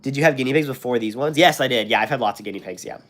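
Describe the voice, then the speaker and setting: A young American streamer talks very fast in a medium-pitched, slightly bright voice while going through comments. He's chatty and rambling, restarting often and using plenty of fillers, and his throat is rough and sore from being ill.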